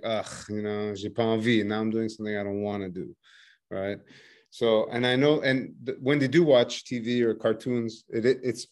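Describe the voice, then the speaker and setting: A man hosting a casual conversation as an English teacher, chatty and bilingual, laughing often between points. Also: mid-range voice. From bilingual English-French speaker living in France. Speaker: podcast host, English teacher.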